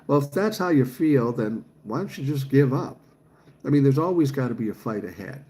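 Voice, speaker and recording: Plainspoken older Midwestern man, mellow voice. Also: mid-range voice, expressive, normal speed. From Minnesota, USA. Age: 60s. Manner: plainspoken, swears freely, reads comments aloud. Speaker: livestream host reading chat. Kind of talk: casual livestream chat.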